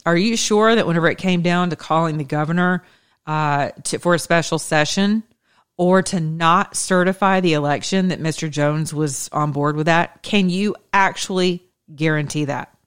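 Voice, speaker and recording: Low-voiced woman, emphatic and sarcastic. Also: moderate pace, clean tone. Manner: emphatic, sarcastic, chatty with asides and laughs. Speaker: political commentator. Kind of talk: opinionated monologue to followers.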